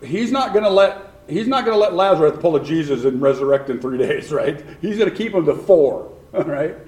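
A man's voice: on the high side, animated, brisk, darkish tone. A man preaching a sermon who keeps questioning his congregation and repeats points for emphasis. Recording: echoey room.

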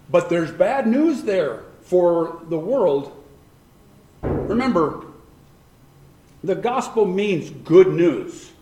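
A man preaching a sermon in a loose, conversational style, often asking his listeners questions. His voice sits high for a man. The sound carries a roomy echo, as in a church hall. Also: a little mellow. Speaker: pastor.

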